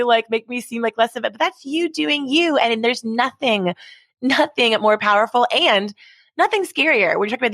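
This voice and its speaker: A woman author talks with fast-building energy, preaching her points like a motivational speaker. Her voice sits in a middle range and comes through a dry, close mic with no room sound. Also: medium pitch, fairly bright tone, no room sound. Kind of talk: animated podcast interview.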